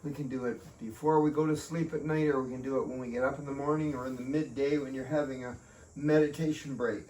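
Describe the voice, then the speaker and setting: A man's voice: mid-range voice, steady tone, quick pace, darkish tone. A man leading an exercise demonstration at home, in a chatty, folksy way with jokey asides to himself. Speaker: fitness instructor. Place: at home in a bedroom and by a doorway. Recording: echoey room, distant mic, faint hiss.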